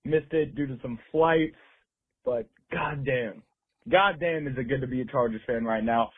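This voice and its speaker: A man leaving an excited, profanity-laced voicemail as a sports fan caller. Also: medium pitch, moderate pace, husky. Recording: tinny phone voicemail.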